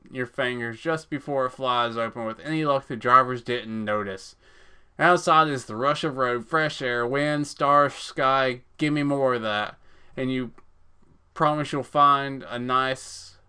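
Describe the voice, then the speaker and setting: A man with a bright, crisp voice reads a text-based game aloud for a let's play. He moves between dramatic narration and casual, foul-mouthed asides to the audience. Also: medium pitch. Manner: reads narration in a dramatic voice, swears and cracks jokes between passages.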